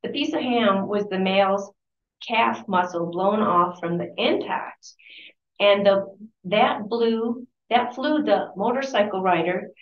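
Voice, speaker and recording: A woman's voice: mid-range voice, slow. A woman giving a book talk at a library, reading aloud from a memoir with chatty asides and correcting herself as she goes. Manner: conversational, corrects herself mid-sentence. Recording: distant, roomy and dull-sounding.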